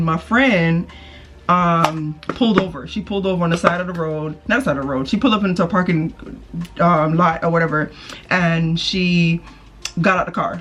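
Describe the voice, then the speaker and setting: Woman, casual storytime, chatty and slangy, acts out the quotes. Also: medium pitch. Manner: chatty, slangy, animated retelling with quoted voices. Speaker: vlogger.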